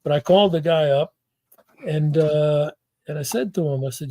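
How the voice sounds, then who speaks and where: Brisk and dark-toned, his slightly high voice comes through a dry recording. He's an older former football front-office executive telling rambling stories as an interview guest, full of restarts and acted-out quotes.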